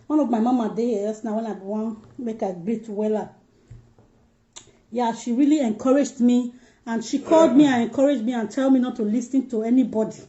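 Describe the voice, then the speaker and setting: A chatty Nigerian woman with a high, mellow voice, talking to her viewers in pidgin-flavoured English as she eats. The sound is dull and lo-fi, like cheap phone audio. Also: a little fast. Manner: chatty, mixes pidgin, addresses viewers directly. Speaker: livestream host. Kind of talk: casual livestream chat while eating.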